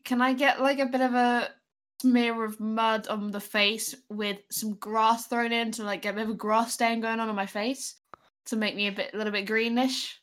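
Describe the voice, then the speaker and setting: A woman's voice: on the high side, steady tone, normal speed, a bit bright. A woman playing a tabletop game, playful and giggly, talking in casual bursts. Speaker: player.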